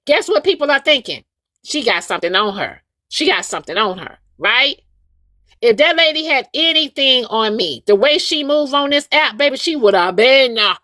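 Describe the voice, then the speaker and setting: A woman's voice: on the high side, sharp tone, dry recording. Woman host, casual live chat, emphatic and repetitive, dry close sound. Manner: emphatic, repetitive, addresses listeners as "y'all".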